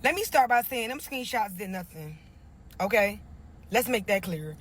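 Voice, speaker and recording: A woman's voice: medium pitch, animated, normal speed, fairly bright tone, a little hiss or hum. A woman telling her side of a dating story in a casual, indignant rant, reading messages aloud.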